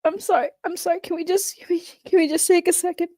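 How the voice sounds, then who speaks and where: A woman's voice: fairly high pitch, a little mellow, no echo. A woman acting as a tearful young former coffee girl who stops often and chokes up. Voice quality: halting and choked up, with many pauses. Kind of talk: mock testimony acting.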